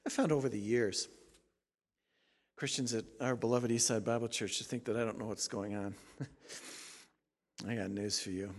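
A man preaching a sermon as pastor, emphatic, moving from quiet asides to loud rising exhortation. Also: fairly low pitch, fairly even intonation, a little slow, long pauses. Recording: long hall reverb.

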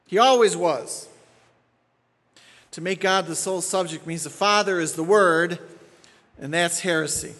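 Emphatic pastor in a reverberant hall. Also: male voice, sits high, measured pace, pauses often, fairly bright tone. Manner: emphatic, repeats key phrases, checks in with the congregation. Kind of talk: expository sermon teaching.

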